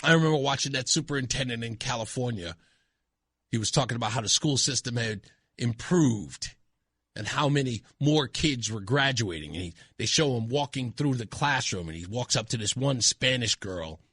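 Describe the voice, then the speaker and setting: A man's voice: medium pitch, expressive, normal speed, fairly bright tone, husky, no echo. A man hosting a talk radio show, delivering an indignant, emphatic opinion monologue.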